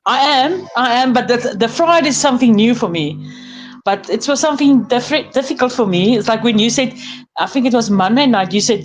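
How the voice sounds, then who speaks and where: A woman's voice: fairly high pitch, fairly quick, faint music behind, rough recording. Chatty South African woman on a phone. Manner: chatty, rambling, laughs often. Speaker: guest on a live stream. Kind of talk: casual chat. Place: lying on her bed at home.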